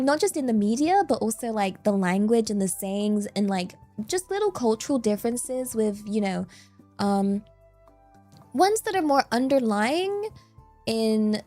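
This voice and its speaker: A woman's voice: mid-range voice, mellow. A woman with an English accent, chatting casually as a streamer, rambling and playful with lots of fillers. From England. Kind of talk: casual chat.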